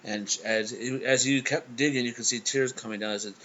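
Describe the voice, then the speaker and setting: Halting young man telling a sad story. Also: medium pitch, fairly even intonation, sharp tone, highs cut off, a little hiss or hum. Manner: halting, stammering restarts. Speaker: reaction video host. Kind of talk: casual emotional storytelling.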